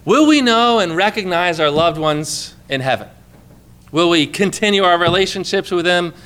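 High-voiced pastor preaching earnestly. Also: male voice, animated, normal speed, bright, forceful tone, smooth. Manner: earnest, conversational preaching with rhetorical questions. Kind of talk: sermon.

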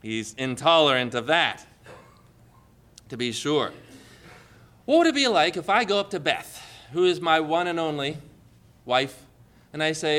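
A man's voice: fairly high pitch, animated, normal speed, long pauses. A middle-aged male pastor preaching a sermon, retelling scripture dramatically and asking the congregation rhetorical questions. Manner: dramatic scripture retelling with sudden loud cries.

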